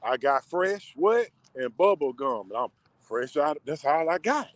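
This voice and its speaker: A man's voice: fairly high pitch, sing-song, measured pace, no echo. A man in casual, emotional storytelling, talking in slang with many fillers. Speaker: vlogger. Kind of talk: casual personal storytelling to camera.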